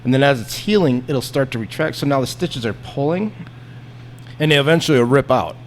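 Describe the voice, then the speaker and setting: Man, podcast guest, casual storytelling, profane, mid-pitched, faint background noise. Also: brisk. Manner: animated, profane, acts out the people in his story.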